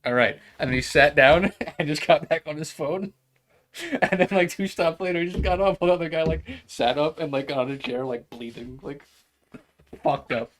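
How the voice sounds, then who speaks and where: A man's voice: fairly high pitch, moderate pace, a little hiss or hum. A man co-hosting a casual podcast, telling a story with lots of laughter and acted-out quotes. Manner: animated storyteller, acts out quotes, laughs often. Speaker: podcast co-host.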